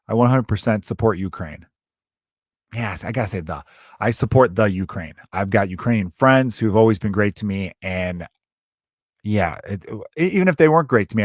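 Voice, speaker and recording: Rambling profane comedian, dry close sound. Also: male voice, mid-range voice, dry recording. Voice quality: rambling, profane, animated storytelling. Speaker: podcast host. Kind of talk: casual comedic monologue.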